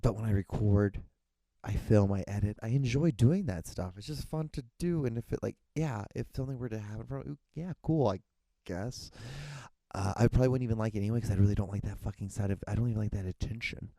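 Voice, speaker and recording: A man's voice: fairly low pitch, fast, dark tone, no room sound. A young man hosting a solo podcast, rambling with frequent restarts and casual swearing. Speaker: podcast host.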